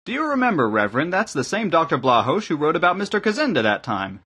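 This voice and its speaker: A man's voice: fairly high pitch, wildly swooping pitch, fast, pushed and bright, breathy edge, voice pushed up, full character voice. A man reading the part of an older locksmith in an audiobook, easygoing and matter-of-fact. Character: plain-spoken older male locksmith.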